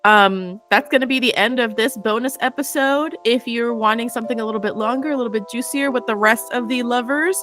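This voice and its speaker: A woman hosting a book club podcast in casual, relaxed chat with plenty of fillers. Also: a little high, brisk, hardly any pauses, over music. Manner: relaxed, chatty, full of fillers. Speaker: podcast host.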